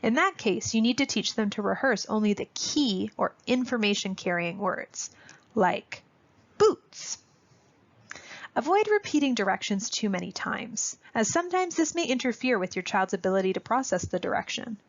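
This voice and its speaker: A woman presenting a parenting webinar on child language, in clear, instructive scripted narration aimed at parents. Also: mid-range voice, lively intonation, normal speed. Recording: dull lo-fi audio.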